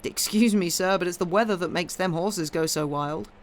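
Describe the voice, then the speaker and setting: A woman's voice: fairly low pitch, moderate pace, natural voice. Woman reading a tipsy, servile coachman. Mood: apologetic. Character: tipsy deferential older male coachman.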